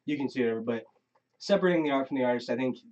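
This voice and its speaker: A man's voice: mid-range voice, racing, a little mellow. A man hosting a podcast in casual chat, rambling with many restarts. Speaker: podcast host. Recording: dull lo-fi sound, faint hiss.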